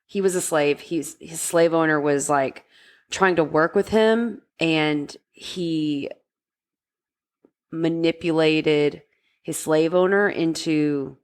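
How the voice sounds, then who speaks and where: A woman's voice: low-pitched, slow pace. A woman co-hosting a podcast, talking casually and hesitantly with many fillers. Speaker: podcast co-host. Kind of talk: casual chat.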